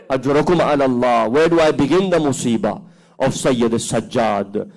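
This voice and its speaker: A man's voice: mid-range voice, normal speed, darkish tone, poor audio. A man delivering an impassioned mourning sermon at a religious centre, his voice rising into emotional cries. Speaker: preacher reciting a majlis. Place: mosque community centre.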